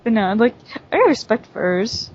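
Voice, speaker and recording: A woman's voice: a little high, unhurried, darkish tone, slight background noise. A woman from the southern United States, a podcast guest in casual chat who rambles and laughs often. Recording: dull lo-fi audio.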